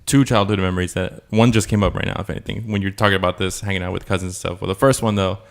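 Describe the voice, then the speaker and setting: A man's voice: deep voice, fairly even intonation, rapid-fire, gravelly. A young man co-hosting a podcast, telling a long childhood story in a casual, rambling way, full of fillers and laughter. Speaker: podcast co-host. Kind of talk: casual chat.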